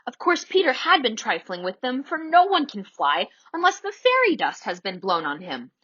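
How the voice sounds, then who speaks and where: A woman reading a children's story aloud in an animated, theatrical way. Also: fairly high pitch, moderate pace, breathy edge, highs cut off.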